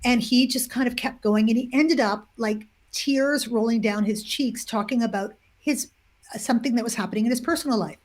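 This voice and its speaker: A woman author, the interview guest, telling a long story in an animated way, with many restarts and fillers. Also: on the high side, fairly quick.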